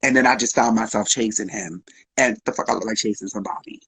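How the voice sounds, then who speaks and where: A man's voice: lowish voice, fast, a bit bright, husky, no echo, low-quality recording. A man speaking as a guest, openly telling a personal story in a frank, emotional way, with slang and swearing.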